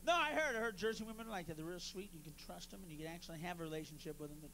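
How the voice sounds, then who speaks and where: A brash stand-up comic, a man whose gravelly voice sits high and breaks into sudden shouted rants. He talks to the crowd with profane, loose jokes. A faint hiss of noise hangs under the live club sound. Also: very fast. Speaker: stand-up comedian. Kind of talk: stand-up routine, crowd work.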